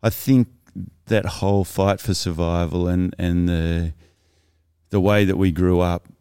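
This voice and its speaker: A middle-aged man speaks as a podcast guest, his voice low, smooth and resonant. He tells his own story in a reflective, halting way, often restarting his sentences. The sound is dry, with no room echo. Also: fairly even intonation, warm tone. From Australia. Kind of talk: casual personal storytelling.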